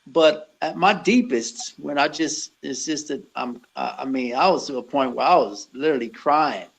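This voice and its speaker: A man who owns a gym and works as a personal trainer, talking earnestly in an interview with many halting restarts. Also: medium pitch, creaky, a little hiss or hum, low-quality recording. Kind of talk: conversational interview.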